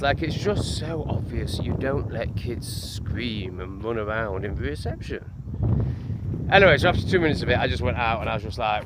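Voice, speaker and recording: An English man chatting to camera in a vlog beside a lake, animated and full of asides. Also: medium pitch, fairly quick. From England. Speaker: vlogger. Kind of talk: casual vlog talk to camera. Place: outdoors by a lake. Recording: noisy outdoor recording.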